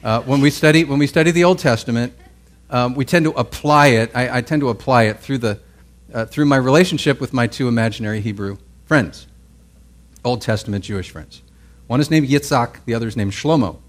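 A man's voice: mid-range voice, a little fast. A man preaching a sermon as pastor, in a conversational way, often checking in with listeners and restarting his phrases. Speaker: pastor teaching a Bible class.

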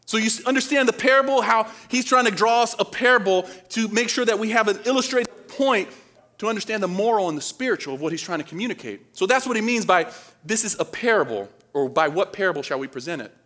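Fast and a bit bright, a man from the Dominican Republic preaches in a high voice with lively intonation. He keeps things conversational, repeatedly questioning the congregation.

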